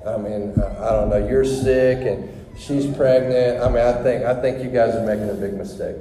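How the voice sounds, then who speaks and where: A middle-aged man giving a sermon testimony in a church hall, telling his story in an animated, rambling way with many restarts. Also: medium pitch, moderate pace, noisy background. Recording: echoey hall with long reverb.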